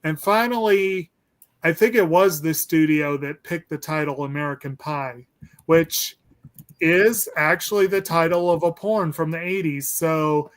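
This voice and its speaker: A man's voice: on the high side, a little slow. A man hosting a casual movie discussion, rambling and hesitant with lots of ums and restarts. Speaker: podcast host.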